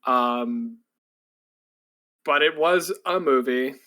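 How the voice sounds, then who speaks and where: A man's voice: mid-range voice, extremely slow, pushed and bright. A man co-hosting a podcast, recapping shows in a loose, rambling casual chat full of fillers and restarts. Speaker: podcast co-host.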